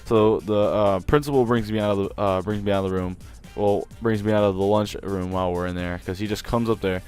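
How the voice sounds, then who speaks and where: A man's voice: fairly low pitch, a little mellow, clean tone. A man telling a story from school days in a casual, rambling way, laughing often and restarting sentences. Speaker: vlogger.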